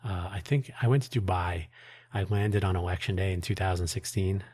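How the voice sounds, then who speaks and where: A man's voice: sits low, brisk, darkish tone, husky, dry recording. A man hosting his own podcast, talking in a rambling, wry way with frequent restarts and asides. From United States. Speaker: podcast host. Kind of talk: casual solo monologue.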